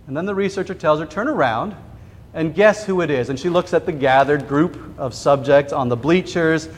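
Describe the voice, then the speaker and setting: Male pastor, slightly high voice, storytelling sermon with acted quotes, echoing sanctuary. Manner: vivid retelling with quoted voices and dramatic pauses. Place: church sanctuary. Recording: long church reverb.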